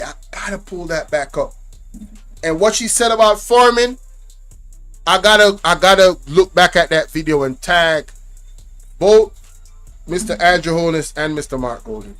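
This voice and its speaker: A reaction channel host gives casual commentary to camera in a high, somewhat bright voice. He's emphatic and repetitive, restating his points and often checking in with "right?"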